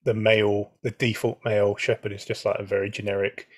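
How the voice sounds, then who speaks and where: Man, lowish voice, casual podcast chat, short remarks, dry sound. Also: flat delivery, fairly quick, no room sound. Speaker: podcast co-host.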